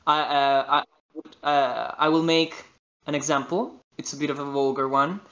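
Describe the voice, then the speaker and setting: A man's voice: fairly high pitch, fairly even intonation, normal speed, fairly bright tone, dull audio. A man from Italy with an Italian accent, a voice actor guest in a casual interview, talking animatedly and often searching for the right English word.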